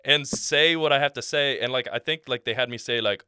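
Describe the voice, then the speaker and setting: A man's voice: mid-range voice, brisk, bright, forceful tone, clear, resonant tone, no room sound, clean studio sound. A young man hosting a casual podcast, joking and swearing, laughing often. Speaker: podcast host.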